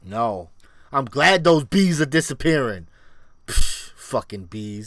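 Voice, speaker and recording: A man from Puerto Rico co-hosting a podcast, telling stories in a loose, profane, animated way. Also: mid-range voice, measured pace, no echo. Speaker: podcast co-host. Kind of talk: casual chat.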